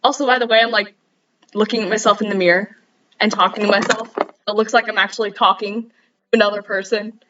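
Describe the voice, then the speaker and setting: A woman's voice: mid-range voice, steady tone, a little fast, distant mic, dull audio, noisy background. A young woman streamer chatting casually, rambling and giggling at herself. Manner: giggly, rambling, self-mocking. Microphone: headset.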